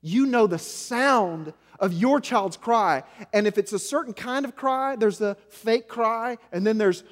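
A man preaching a sermon as senior pastor, swinging between loud emphasis and hushed, low passages. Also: unhurried, hardly any pauses. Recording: long hall reverb.

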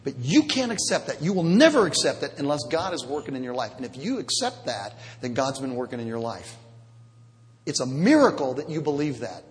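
Animated preaching man in echoing hall. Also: mid-range voice, a little fast. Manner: animated, jokey preaching with sudden loud bursts. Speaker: pastor. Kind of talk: sermon.

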